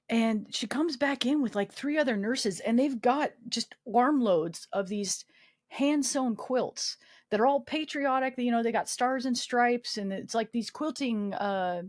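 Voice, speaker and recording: A woman sits for a casual interview and spins a personal story, slipping in and out of the voices of the people in it. Her voice sits slightly high for a woman. The recording is close and dry. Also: moderate pace, no room sound. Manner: animated storyteller acting out quoted dialogue, frequent swearing and laughs. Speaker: guest, army veteran.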